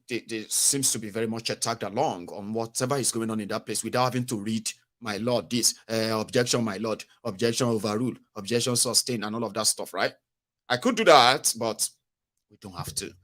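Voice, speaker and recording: Nigerian male commentary host, casual and jokey, English mixed with Pidgin, mid pitch. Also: a bit bright. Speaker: radio and online commentary host.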